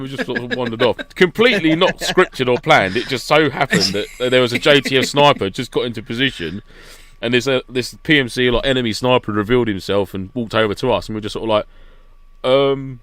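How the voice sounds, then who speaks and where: A man's voice: mid-range voice, fairly quick, a bit bright. A man chatting casually on a podcast, telling a rambling story and laughing often. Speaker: podcast guest regular recounting an event. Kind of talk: casual chat.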